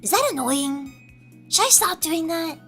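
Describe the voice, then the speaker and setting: A young woman streamer chatting loudly with her chat, nearly yelling every word and often giggling. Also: extremely high pitch, expressive, a little slow, gravelly, faint music behind. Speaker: VTuber streamer. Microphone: headset.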